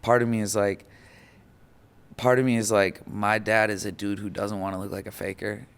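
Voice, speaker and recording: A man guest on a podcast, telling an emotional personal story in an animated way, full of fillers, acting out quoted voices. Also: lowish voice, moderate pace, clean tone.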